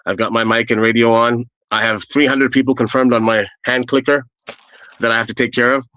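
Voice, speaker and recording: A man's voice: mid-range voice, steady tone, a little fast, a bit bright, no echo, low-quality recording. A middle-aged man telling his own stories in a casual, earnest, rambling way, with plenty of fillers. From Canada. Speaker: storyteller guest. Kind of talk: casual first-person storytelling.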